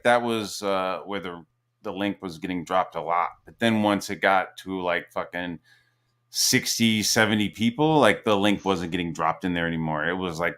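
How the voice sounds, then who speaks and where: A man's voice: low-pitched, a bit bright. A young man hosting a podcast, telling rambling stories in casual, profane chat and quoting himself along the way. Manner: profane, rambling storyteller who quotes himself. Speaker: podcast host.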